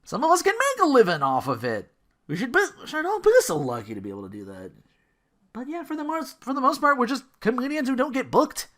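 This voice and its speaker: A man's voice: very high voice, huge pitch swings, fairly quick, a bit bright. A man hosting his own podcast, talking alone in a rambling, self-deprecating way and often tripping over his words. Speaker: podcast host. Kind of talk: casual solo podcast monologue.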